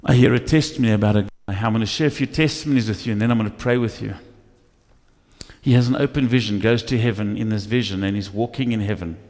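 A male pastor preaching a sermon, telling stories with lively acted asides in a church. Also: on the low side, fast talker. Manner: animated storytelling with acted asides. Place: church hall. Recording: echoey church hall.

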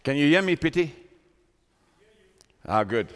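This pastor's voice is a little high and smooth, and though he keeps a measured pace, he's very animated. Addressing a congregation in a big church hall through a stand microphone, he mixes prayer and storytelling with fervent, building intensity.

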